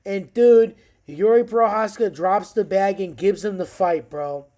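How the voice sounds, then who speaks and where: Man, thirties, excitable, swears constantly, slangy fight recap, mellow dark voice. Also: sits high, unhurried. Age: 30s. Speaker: MMA fight recap vlogger. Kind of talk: casual fight recap monologue.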